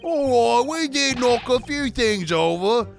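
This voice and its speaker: A man doing a loud, cheeky Cockney thug. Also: extremely high pitch, animated, measured pace, vocal fry, soft background music, voice pushed up, heavily acted. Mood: rowdy. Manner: loud, exaggerated mock-Cockney delivery.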